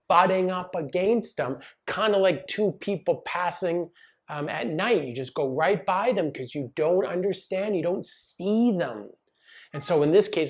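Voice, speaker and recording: A man teaching massage therapists in a casual, animated way, talking straight to the viewer. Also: high-pitched. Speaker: massage business coach. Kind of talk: direct-to-camera teaching video.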